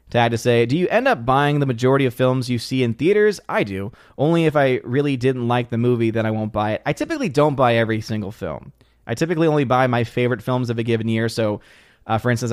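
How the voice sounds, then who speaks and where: A man hosts a live stream in casual chat, reading viewer comments aloud and often restarting his sentences. His voice sits at an average pitch. The sound is dry and close, with no room echo.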